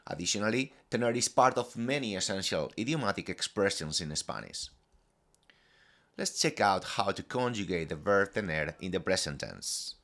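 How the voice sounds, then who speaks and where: Lively low-voiced male Spanish teacher. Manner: clear, deliberate modelling of phrases for repetition. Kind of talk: scripted language lesson.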